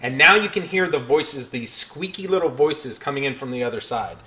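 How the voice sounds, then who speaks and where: A man's voice: medium pitch, lively intonation, normal speed, bright, forceful tone. A man narrating as dungeon master of a tabletop game, rambling and restarting as he describes the scene.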